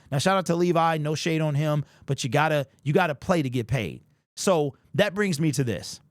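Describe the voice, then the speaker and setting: A man's voice: a little high, no echo, clean studio sound. A man hosting a live sports talk stream, passionate and emphatic, visibly emotional as he talks it through. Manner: passionate, emphatic, gets worked up. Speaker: sports show host.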